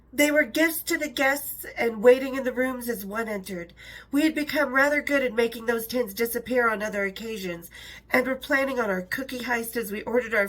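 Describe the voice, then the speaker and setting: Middle-aged woman, fairly high voice, reads her memoir, chatty asides, laughs between lines. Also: fairly bright tone. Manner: chatty, laughs between passages, self-interrupting. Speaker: author and storyteller. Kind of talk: reading her memoir aloud with casual asides.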